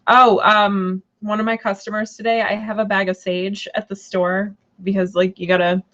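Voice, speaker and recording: A woman's voice: mid-range voice, little pitch movement, moderate pace, a bit bright, highs cut off. A woman chatting casually on a live stream, rambling with many fillers and restarts. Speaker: tarot reader and shop owner.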